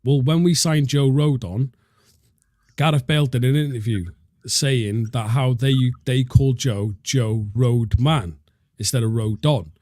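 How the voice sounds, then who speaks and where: A man's voice: mid-range voice, a little slow, darkish tone, no echo, clean studio sound. A man from Wales with a Welsh accent, co-hosting a casual football chat and rambling with frequent restarts. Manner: rambling, self-interrupting. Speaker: co-host.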